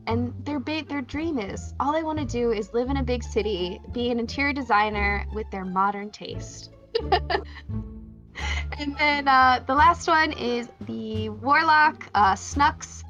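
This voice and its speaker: Hesitant, higher-voiced woman player. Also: a little slow, pushed and bright, soft background music. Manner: hesitant, lots of uh and um. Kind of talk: describing characters in casual chat. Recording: dull lo-fi sound.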